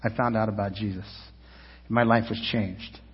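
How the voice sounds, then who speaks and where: A pastor in his fifties preaching a sermon, telling a rambling story full of restarts and asides, moving between loud emphasis and low, quiet lines. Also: fairly even intonation, moderate pace, breathy edge. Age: 50s. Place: church sanctuary. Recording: dull sound with long reverb, as in a church hall.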